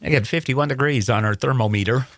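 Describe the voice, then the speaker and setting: Lively, jokey man hosting morning radio. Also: mid-range voice, normal speed. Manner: jokey, laughs often. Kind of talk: casual radio chat.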